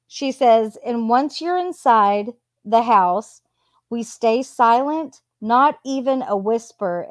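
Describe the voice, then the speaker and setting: Slow, sarcastic woman reading messages. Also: fairly high pitch, no room sound. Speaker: true crime commentator reading text messages. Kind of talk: casual commentary reading messages aloud. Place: home with a cat nearby.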